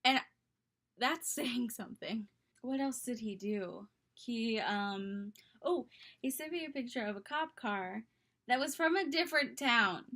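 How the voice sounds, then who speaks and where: A young woman tells a casual storytime into her webcam mic. Her voice sits a little high for a woman. She keeps it animated and dramatic and often slips into laughter. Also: measured pace. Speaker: vlogger telling a story.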